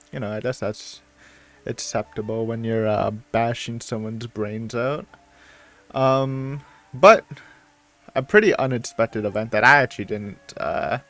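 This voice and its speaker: A man's voice: mid-range voice, fairly bright tone. A young man hosting a let's-play of a visual novel, chatting casually and reading passages aloud, with lots of fillers. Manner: rambling, filler-heavy, chatty.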